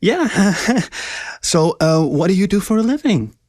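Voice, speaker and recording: A man's voice: sits high, sing-song, measured pace, a little mellow, no echo, studio quality, pitched above the performer's own voice, full character voice. A man voicing a shy, flustered young female student who stammers nervously.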